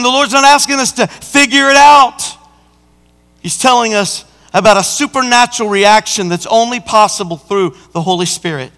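Male pastor, sermon, very high voice, sharp bright tone, emphatic, long hall reverb. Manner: emphatic preaching, building to near-shouts. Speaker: senior pastor.

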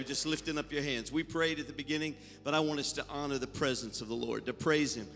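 A high-pitched man preaches with fervor, rallying his congregation. His voice is bright and forceful, carrying a long church-hall reverb with faint music underneath. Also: fast talker, few pauses, a faint crowd, a little hiss or hum. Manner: fervent, exhorting, calls out to the congregation. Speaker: pastor. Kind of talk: sermon and worship leading. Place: church sanctuary.

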